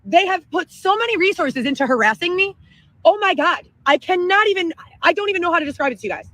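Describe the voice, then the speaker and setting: A woman telling a long profane story in an excitable livestream rant. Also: extremely high pitch, fast, no room sound, rough recording. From Chicago area, Illinois. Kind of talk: ranting livestream monologue.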